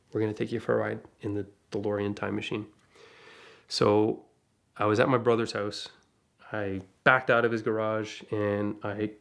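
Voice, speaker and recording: A man with a slightly low voice recounts a car crash as a casual anecdote. He talks in a lively, conversational way, with asides and small laughs scattered through the telling. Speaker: DeLorean rental owner telling a crash story. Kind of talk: casual first-person anecdote to camera.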